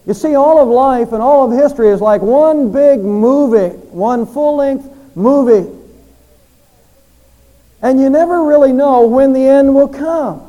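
A man preaching a sermon, explaining and repeating phrases for emphasis and slowly drawing out the key lines. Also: very high-pitched, mellow, muffled recording.

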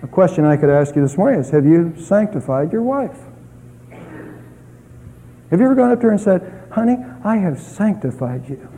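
Middle aged pastor guy preaching, kinda high but mellow voice, earnest, loud then soft, big echoey church hall. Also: expressive, fairly quick, pauses often, a little hiss or hum. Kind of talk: sermon. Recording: echoey hall with long reverb.

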